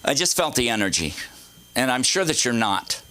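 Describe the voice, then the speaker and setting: Animated, bright-voiced male comedian. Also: medium pitch, moderate pace, dry recording. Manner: rambling, profane, self-mocking storytelling. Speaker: stand-up comedian. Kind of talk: stand-up comedy set. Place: comedy club stage.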